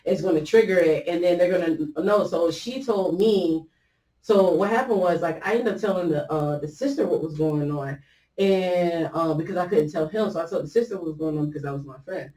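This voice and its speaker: A podcast host with a mellow voice on the low side talks a little fast, telling a personal story casually and quoting what others said. Her rambling delivery has many fillers and restarts, and a distant mic gives the room an echo.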